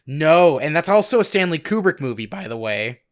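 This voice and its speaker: A man's voice: on the high side, sing-song, normal speed. A man co-hosting a podcast in a goofy, joking way, laughing often. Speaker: podcast co-host. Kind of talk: casual chat.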